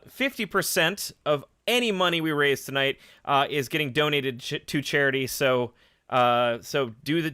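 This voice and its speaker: A man hosts a casual live stream in a bright, sharp voice. His pitch jumps around animatedly as he jokes and reads out viewers' names. The sound is dry and close. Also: no room sound. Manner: animated, jokey, reads chat names aloud. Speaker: podcast host.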